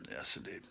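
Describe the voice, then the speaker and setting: A hoarse man, rambling in mock-showman vlog chat and repeating "ladies and gentlemen" as he films at home. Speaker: vlog host. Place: home, indoors.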